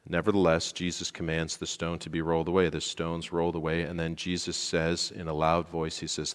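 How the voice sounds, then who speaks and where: A man preaching a sermon, telling a story with lively emphasis, rising loud at key points and dropping to near quiet for dramatic moments. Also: low-pitched, brisk, few pauses. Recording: long hall reverb.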